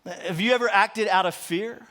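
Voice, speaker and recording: High-voiced preacher telling a Bible story. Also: male voice, normal speed, bright, forceful tone. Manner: conversational storytelling with frequent restarts. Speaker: pastor. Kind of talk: sermon.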